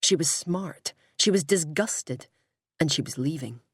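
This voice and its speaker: Slow husky woman narrating. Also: sits low, expressive, no room sound, clean studio sound. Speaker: audiobook reader. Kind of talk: storybook narration.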